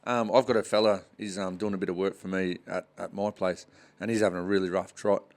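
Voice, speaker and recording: An Australian podcast co-host with a lowish voice who talks in a relaxed, easygoing way. He pads his sentences with ums and yeahs as he chats. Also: fast talker. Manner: easygoing, fills with "um" and "yeah". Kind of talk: casual chat.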